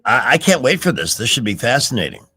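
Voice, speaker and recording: A middle-aged man hosting a radio talk show, telling stories in an animated, emphatic way with restarts. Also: medium pitch, fast, breathy edge, no room sound. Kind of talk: casual talk radio chat.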